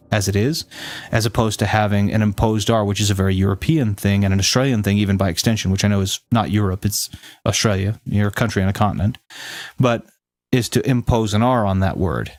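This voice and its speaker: Male streamer host, neutral General American accent, lowish voice, rambling explainer. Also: brisk, no room sound. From Southern United States. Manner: rambling, self-correcting, explains at length. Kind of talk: casual stream chat with viewers.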